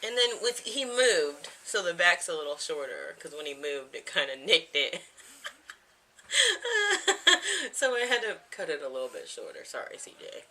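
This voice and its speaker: A woman's voice: lowish voice, big pitch swings, unhurried, bright, forceful tone. A woman in her thirties chatting casually to camera at home, rambling from one thing to the next and laughing often. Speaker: vlogger. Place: home, indoors.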